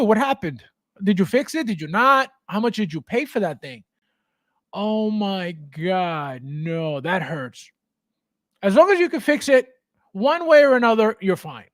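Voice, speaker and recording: High-voiced animated man hosting a livestream. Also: a little slow, no room sound. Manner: animated, repetitive, stammering restarts, laughs often. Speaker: livestream host. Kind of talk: casual live chat reading viewer comments.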